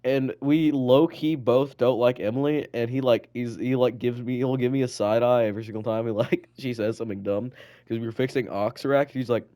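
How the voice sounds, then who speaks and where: A man's voice: medium pitch, fairly even intonation, fairly quick, dark tone. A teenage boy co-hosting a student podcast, telling rambling stories in casual chat full of "like" and swearing. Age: teens.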